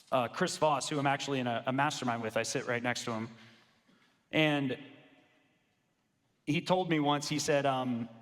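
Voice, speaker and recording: A man coaching law firm owners in a live sales presentation, energetic and casual, with slangy asides. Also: fairly high pitch. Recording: long reverb of a large hall.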